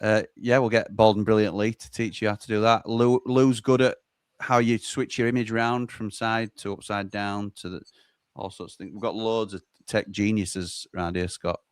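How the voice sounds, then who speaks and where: A man with a lowish voice hosts a football watchalong stream, reading viewers' messages aloud and chipping in with his own wry takes. The sound is dry and close, with no room around it. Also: steady tone, moderate pace, clean tone, no room sound. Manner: reads out chat messages, chatty and wry. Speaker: host reading viewer comments. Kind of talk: casual football watchalong chat.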